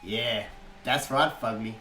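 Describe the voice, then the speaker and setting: A man's voice: medium pitch, slow, pushed and bright. A man voicing a cocky, sarcastic male biker vampire hunter in a mocking, taunting manner. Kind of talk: audiobook character reading. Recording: echoey room, faint guitar music.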